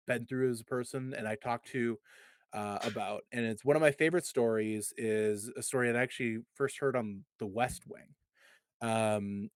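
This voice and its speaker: Man, 30s, guest on a casual stream chat, halting and heartfelt, dry close mic. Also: medium pitch, no room sound. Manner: halting, repeats words, earnest and heartfelt. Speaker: community advocate guest. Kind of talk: casual podcast chat, personal storytelling.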